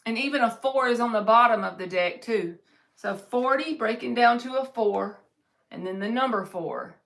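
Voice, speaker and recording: A woman's voice: fairly high pitch, normal speed, creaky, fairly bright tone. A woman giving a live-streamed tarot reading, reading viewers' comments aloud and answering them in an upbeat, encouraging way. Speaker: tarot reader.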